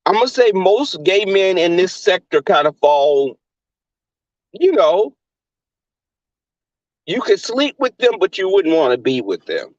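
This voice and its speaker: Sassy guy ranting to camera, high voice, dull dry lo-fi sound. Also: measured pace, long pauses, no echo. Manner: sassy, animated, addresses the listener directly. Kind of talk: casual opinion talk.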